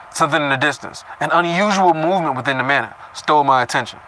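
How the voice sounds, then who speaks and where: A man's voice: a little high, quick pace, few pauses, sharp tone, a little hiss or hum, low-quality recording. A man reading a story chapter aloud and breaking off into casual, profane comments on it. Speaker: reader reacting to a novel chapter.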